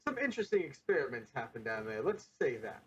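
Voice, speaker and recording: A man's voice: mid-range voice, sing-song, fast talker, fairly bright tone, muffled recording, slight background noise. A man playing in a tabletop game, talking in a playful, teasing way. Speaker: player.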